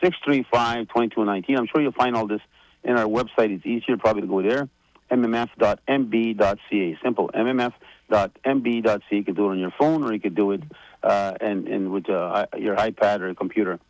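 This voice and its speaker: Gravelly, halting man on the radio. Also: fairly low pitch, no room sound, poor audio. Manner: rambling, halting with many fillers and restarts. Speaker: federation leader giving updates on radio. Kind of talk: casual radio chat.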